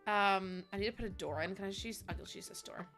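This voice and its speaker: Young woman, casual streamer chatter, bright and crisp tone, soft music underneath. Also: mid-range voice, fast. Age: young adult. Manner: chatty and rambling, reacting to chat messages. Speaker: livestreamer. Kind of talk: casual livestream chat while playing a game.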